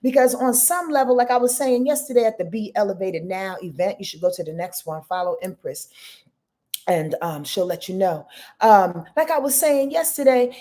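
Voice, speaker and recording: A woman hosting a casual live-stream astrology reading, expressive and chatty, speaking straight to her viewers. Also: mid-range voice, moderate pace. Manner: expressive, talks straight to viewers, greets chat by name.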